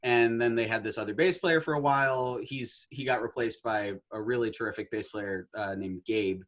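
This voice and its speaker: A young man in his twenties speaks as an interview guest. His manner is easygoing and he laughs often. His voice sits at an ordinary middle pitch. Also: moderate pace, a bit bright. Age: 20s. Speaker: guest musician and actor. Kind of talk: casual interview chat.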